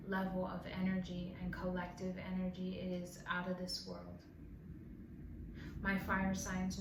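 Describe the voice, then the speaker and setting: A woman's voice: lowish voice, noisy background. Emotional woman giving a spiritual reading. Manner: emotional, heartfelt. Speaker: tarot reader. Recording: roomy, distant mic with faint ambience.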